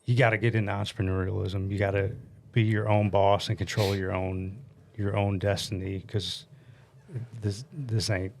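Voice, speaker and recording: Blunt, animated man telling a story. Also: sits low, moderate pace, creaky. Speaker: guest, paintless dent repair business owner. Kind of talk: casual podcast storytelling.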